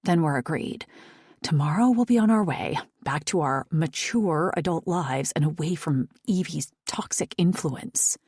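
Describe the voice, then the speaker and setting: Casting: a blunt, exasperated woman doctor read by a woman narrator, low and husky, dry close audiobook sound. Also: expressive, measured pace, a little mellow, no echo, exaggerated voice. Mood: urgent. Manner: frustrated, blunt.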